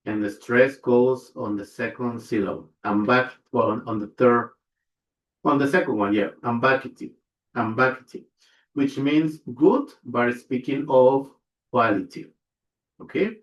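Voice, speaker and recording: A man leads a pronunciation lesson at a slow, deliberate pace, repeating every example word and pausing to ask if listeners follow. His voice sits in an echoey room, and the recording sounds dull and lo-fi. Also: mid-range voice. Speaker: language teacher.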